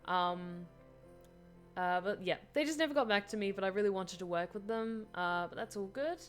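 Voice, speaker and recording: A woman's voice: medium pitch, moderate pace, soft background music. A woman chatting casually on a live stream, answering viewer questions with lots of fillers and laughter.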